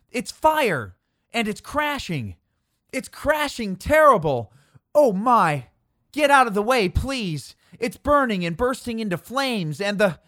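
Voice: mid-range voice, no room sound, studio quality, voice pushed up. A narrator reenacting a 1930s male radio reporter describing a disaster as it happens, breathless, with broken-off exclamations.

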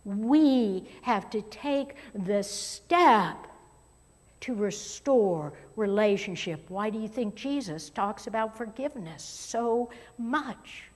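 A woman pastor preaching a sermon, moving between strong emphasis and hushed, near-whispered asides. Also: mid-range voice, animated, takes it slowly. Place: church sanctuary. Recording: long hall reverb.

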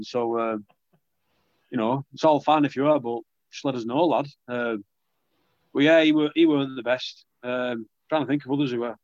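A young man chats loosely in an interview, often restarting his sentences and poking fun at himself. His voice sits at an ordinary pitch, and the recording sounds dry and slightly dull. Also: moderate pace, no room sound. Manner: chatty, self-deprecating, many restarts. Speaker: rugby league player. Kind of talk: casual interview chat.

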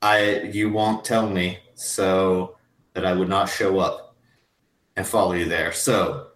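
Brief: a man doing a swaggering, boastful war hero, mid-pitched, tabletop game, echoey room. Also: steady tone, takes it slowly, fairly bright tone. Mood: jovial. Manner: boastful and belligerent. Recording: roomy echo.

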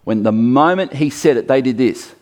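A man's voice: mid-range voice, normal speed. A man preaching a Bible sermon in a conversational way, acting out quoted lines. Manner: lively, conversational, acts out quotes.

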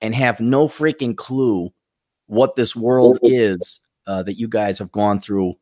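A man's voice: lowish voice, takes it slowly, mellow. A man hosting a casual talk show on a video call, rambling loosely with lots of fillers and restarts. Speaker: podcast host. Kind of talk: casual chat.

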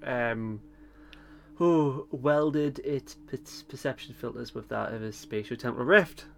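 A man's voice: medium pitch, unhurried, creaky, slight background noise. Chatty man with a mid voice. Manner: chatty, laughs often, hesitant with many ums. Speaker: podcast co-host. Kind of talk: casual chat recapping a TV episode.

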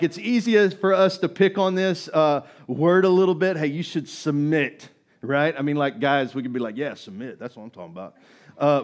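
A middle-aged male pastor delivers a sermon in a relaxed, conversational way. His voice sits a little higher than most men's, and he keeps checking in with the listeners. His loudness keeps rising and dropping. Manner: conversational, rising and falling in loudness, tag questions.

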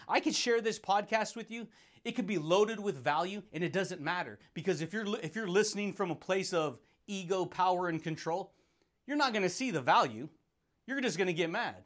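High-voiced, hyped-up man. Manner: hyped, playful, laughs often, calls listeners buddy and dude. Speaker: podcast host. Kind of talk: motivational podcast monologue.

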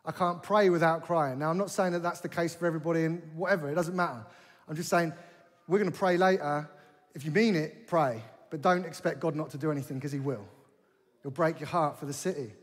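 A man preaching a sermon with passion, repeating phrases for emphasis and building to forceful questions. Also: on the high side, fairly quick. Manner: impassioned, rising to forceful rhetorical questions. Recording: long hall reverb.

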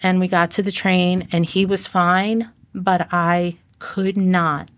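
A middle-aged woman, a podcast guest, telling a personal story in earnest, halting sentences with frequent restarts. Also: fairly low pitch, flat delivery, a bit bright, no echo.

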